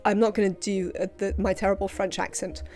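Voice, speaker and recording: A woman's voice: medium pitch, flat delivery, a little fast, a little mellow, faint music behind. Chatty woman streaming a game. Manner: rambling, chatty, frequent fillers. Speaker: livestreamer. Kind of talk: casual live gameplay commentary.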